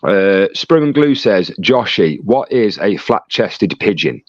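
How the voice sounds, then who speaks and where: A man's voice: fairly low pitch, big pitch swings, takes it slowly, no echo. A man acting as chat moderator, reading out live stream messages and bantering jokily with viewers. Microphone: phone call. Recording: dry, dull lo-fi sound.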